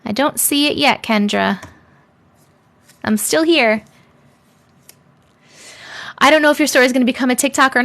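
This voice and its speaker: A woman's voice: a little high, vocal fry, a bit bright. A woman hosting a live stream, reading viewer stories aloud in a playful, chatty way with sarcastic asides. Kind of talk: casual live stream chat and story reading. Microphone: desk microphone.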